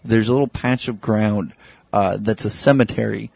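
A man's voice: lowish voice, fairly even intonation, moderate pace, gravelly, a little mellow, breathy edge, no echo. A man from Portland, a guest comedian, telling rambling stories in a casual podcast chat, with lots of fillers. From Portland, Oregon, US. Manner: rambling, filler-heavy storytelling.

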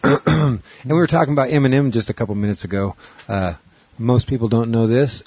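A man's voice: medium pitch, a little fast, darkish tone, slightly rough. A man chatting casually, sharing offhand trivia and jokes with a friend. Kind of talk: casual chat.

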